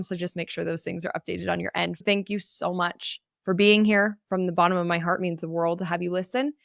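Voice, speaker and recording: A woman's voice: medium pitch, steady tone, fairly quick, gravelly, few pauses, clean tone, no echo, studio quality. A woman hosting her own podcast, giving a chatty, enthusiastic solo update that gets emotional at times. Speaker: podcast host.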